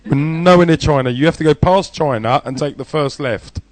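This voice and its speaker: A man's voice: a little high, a little fast, no echo. A man with a Southern English accent co-hosting a casual online radio show, joking crudely and laughing often. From Southern England. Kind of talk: casual banter.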